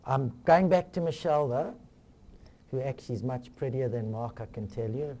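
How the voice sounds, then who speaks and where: A man's voice: mid-range voice, normal speed, mellow, slight background noise. A man chairing a company meeting, giving formal remarks in a genial, joking way.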